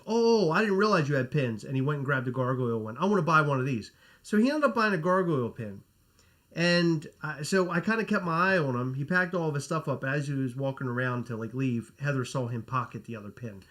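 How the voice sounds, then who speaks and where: A man's voice: mid-range voice, expressive, fairly quick, a bit bright. A man hosting a casual livestream, rambling and correcting himself while reading chat names and swearing. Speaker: podcast host.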